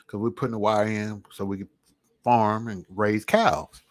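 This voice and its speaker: A man's voice: fairly low pitch, steady tone, a little slow. Earnest man giving a personal testimony. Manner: earnest, reflective storytelling. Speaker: vlogger.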